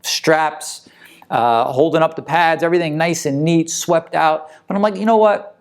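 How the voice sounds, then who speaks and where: Chatty man with a raised pitch. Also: fairly even intonation, a little slow, smooth. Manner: conversational, tag questions. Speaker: moving business coach. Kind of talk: casual motivational talk.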